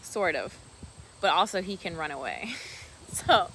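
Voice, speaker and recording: A woman vlogging casually outdoors on a farm, talking softly and rambling fondly about her pet ducks. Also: medium pitch, lively intonation, measured pace, a little hiss or hum. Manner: soft-spoken, meandering, affectionate toward her pets. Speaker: vlogger and duck keeper. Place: outdoors on a rural farm by water.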